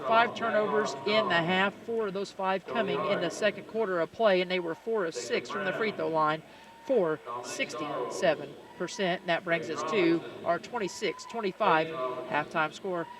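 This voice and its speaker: A man calling a high school basketball game on a headset in a school gym, chatty and joking between the scores. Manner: chatty, joking, fast-running sports patter. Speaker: play-by-play announcer.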